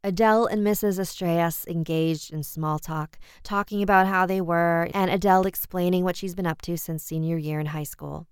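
A woman telling a horror story in a measured, dramatic style. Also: fairly low pitch, fairly even intonation, smooth, no echo, clean studio sound. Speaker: narrator. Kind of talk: scripted horror narration.

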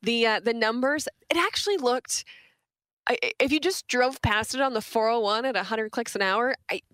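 Radio lady, chatty and animated, kinda high voice, dry studio mic. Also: moderate pace, no echo. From Southwestern Ontario, Canada. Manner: chatty, animated storyteller with frequent restarts. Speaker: radio co-host. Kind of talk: casual radio chat. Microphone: studio microphone.

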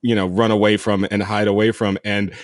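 A man's voice: lowish voice, flat delivery, brisk, no echo, studio quality. A man hosting a podcast, talking conversationally with frequent restarts and laughter. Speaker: podcast host. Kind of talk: casual podcast interview.

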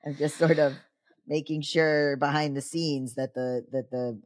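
A young woman with a low, deep-set voice co-hosts a casual podcast chat. Her delivery is wry and playfully mischievous. The recording is dry and close, with no room sound. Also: fairly even intonation, measured pace, a little mellow, no echo. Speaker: podcast co-host.

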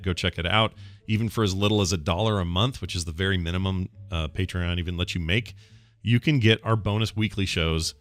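A man hosting a podcast in casual, jokey chat, animated and stumbling over names. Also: deep voice, dry recording. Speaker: podcast host.

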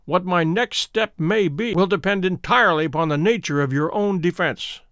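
A man reading a stern, measured detective. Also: high-pitched, fairly bright tone, dry recording, studio quality. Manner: measured and precise. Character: calm, stern, commanding male detective.

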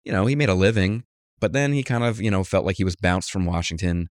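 A man with a fairly low voice, recorded close and dry with no room sound. He talks casually as a guest, telling an animated story and acting out the quotes of the people in it. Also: fast talker, no room sound. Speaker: guest author, political journalist. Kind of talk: conversational interview.

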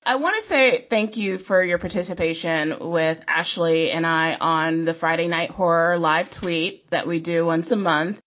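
A woman's voice: fairly low pitch, measured pace, hardly any pauses, a bit bright, muffled recording. A woman co-host interviewing a guest in a casual, encouraging way.

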